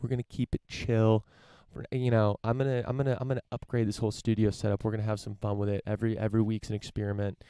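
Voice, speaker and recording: A young man hosts his own podcast from his parents' home, rambling loosely and profanely with lots of fillers and restarts in a casual solo monologue. His lowish voice is dark, clear and resonant, with little pitch movement, delivered fast with few pauses. It's captured on a live-stream camera setup with no room sound.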